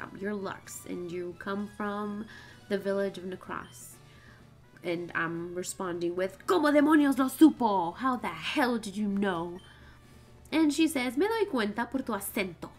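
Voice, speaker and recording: Casting: young woman, casual let's-play host, rambly and chatty, mid-range voice, faint music bed. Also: mid-range voice. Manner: chatty, rambling, goes off on tangents. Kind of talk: casual gameplay commentary.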